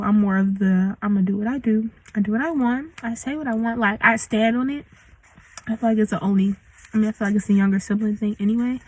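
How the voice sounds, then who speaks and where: A woman's voice: mid-range voice, a little mellow, poor audio. A young woman in her late teens venting in a casual storytime rant, slangy and full of likes. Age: young adult. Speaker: vlogger.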